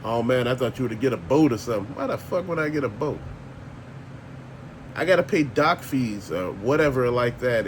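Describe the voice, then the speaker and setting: A man's voice: a little high, a little hiss or hum. An older man, ranting bluntly and profanely as a channel host, laughing often. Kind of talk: casual ranting monologue.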